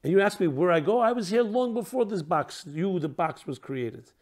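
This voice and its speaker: A man voicing electricity as an ageless, proud figure who scolds a refrigerator with incredulous indignation, lecturing as his pitch climbs. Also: lively intonation, normal speed, darkish tone. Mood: indignant.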